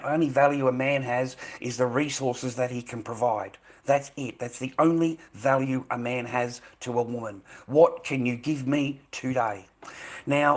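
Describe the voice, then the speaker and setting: A middle-aged man with an Australian accent, ranting angrily to camera with lots of swearing, stumbling and repeating himself. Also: medium pitch. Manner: angry, profane, repeats himself, stumbles over words. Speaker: vlogger.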